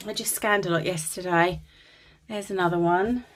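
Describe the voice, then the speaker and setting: This English crafter's voice is on the low side, steady and at normal speed as she presents vintage linens in a casual show-and-tell from a dim room at home. She's gushing and chatty with lots of ums, and a little hiss or hum is audible.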